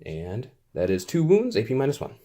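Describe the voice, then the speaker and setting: A man with a medium-pitched, mellow voice narrates his dice rolls during a tabletop wargame, his pitch swooping wildly as he talks at a moderate pace. He gives a casual, playfully exasperated play-by-play, adding little sound effects as the dice fall.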